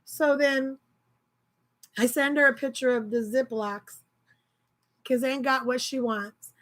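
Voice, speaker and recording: A woman with a high, bright voice tells a story in a casual vlog. Her delivery is animated and exasperated, and she often laughs as she goes. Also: slow pace. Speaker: grocery delivery shopper.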